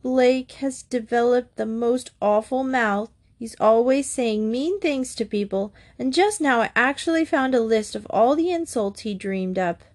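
A woman's voice: on the low side, a little slow, few pauses, a little mellow. A woman voicing an upset mother who pleads in a distressed way.

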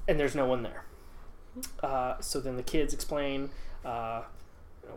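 A man's voice: a little high, fairly even intonation, measured pace, long pauses. A man in casual chat recalling a movie plot, hesitant and full of restarts, laughing along.

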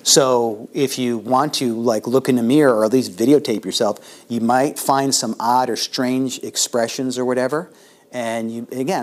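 An older man giving a casual classroom lecture, conversational, with pauses and restarts and lively swings in loudness. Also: medium pitch. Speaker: instructor.

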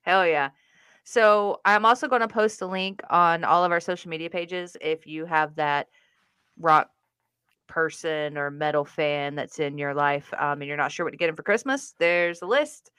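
A woman co-hosting a casual podcast, playful and quick to laugh. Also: sits low, fairly bright tone, smooth, dry recording, studio quality. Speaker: podcast co-host. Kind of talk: casual chat.

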